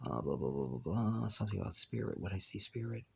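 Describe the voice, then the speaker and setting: A man's voice: fairly low pitch, expressive, fast talker, creaky, darkish tone, a little hiss or hum. A man hosting his own channel, talking straight to viewers in a rambling monologue and reading text aloud while skipping parts. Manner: rambling, reads text aloud and skips with "blah, blah"; talks to viewers directly. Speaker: video channel host.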